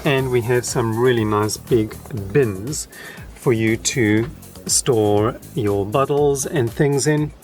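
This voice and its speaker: A man giving a casual, conversational car review from inside a parked car. He speaks frankly and talks straight to his viewers. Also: mid-range voice.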